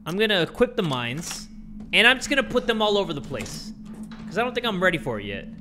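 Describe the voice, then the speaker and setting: A man commenting on a horror game he plays, joking, swearing and yelling in panic at the scares. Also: high-pitched, fast, soft background music. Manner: excitable, screams and yells at jumpscares; jokey, swears a lot. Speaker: gaming YouTuber.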